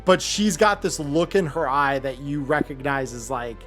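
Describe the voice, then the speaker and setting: A man narrating a tabletop role-playing game as game master, with relaxed phrasing and frequent fillers. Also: fairly high pitch, normal speed, faint music behind.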